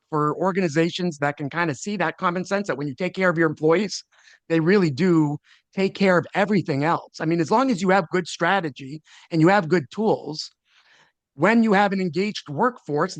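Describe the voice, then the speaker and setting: A man's voice: fairly high pitch, normal speed, no echo. A man, a leadership speaker answering as a podcast guest, earnest and often restarting his sentences. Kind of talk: conversational interview.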